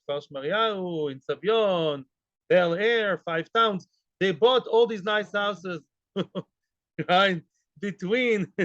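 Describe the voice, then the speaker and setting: A man teaching a daily Talmud class in an animated way, quizzing students and acting out the people in the case. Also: high voice, dry recording. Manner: animated, acts out quoted voices, mixes Hebrew and Aramaic terms; asks students questions. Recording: dull, lo-fi recording.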